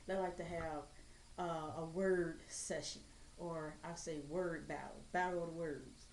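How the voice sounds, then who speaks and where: A blunt woman with rants and swears without holding back. Her voice is mellow and dark, and it bounces around an echoey room. A faint hum of ambient noise sits under her speech. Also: lowish voice, a little slow. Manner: blunt, profane, straight-talking. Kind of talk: blunt profane rant to camera.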